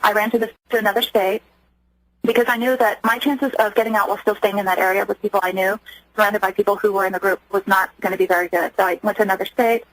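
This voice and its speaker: A woman's voice: mid-range voice, fairly even intonation, fast talker, a bit bright, no room sound, low-quality recording. A woman from Germany, a guest on a radio interview, telling her story earnestly and acting out what others said. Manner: earnest, acts out quoted speech.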